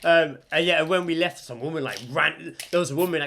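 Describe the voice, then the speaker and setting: A man's voice: a little high, fairly even intonation, fast talker, hardly any pauses, bright, forceful tone. A man co-hosting a podcast, telling a story in casual chat and acting out the people he quotes. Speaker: podcast co-host.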